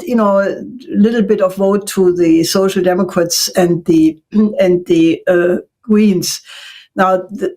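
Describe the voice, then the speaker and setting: An older woman, a think tank founder, giving emphatic political commentary in an interview, filling pauses with "you know" and clearing her throat. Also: mid-range voice, darkish tone, poor audio.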